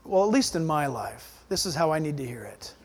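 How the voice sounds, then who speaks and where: A man preaches a sermon with great energy and emphasis. His voice swings widely in pitch as he drives his points home. Now and then he acts out the voices he quotes. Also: sing-song, a little fast, breathy edge. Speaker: pastor.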